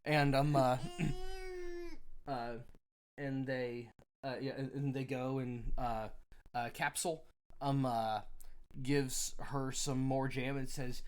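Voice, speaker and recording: A man's voice: mid-range voice, takes it slowly, pauses often, darkish tone, clean tone. A man co-hosting a podcast, casually recapping chapters of a book with lots of ums and uhs and jokey paraphrases. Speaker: podcast co-host.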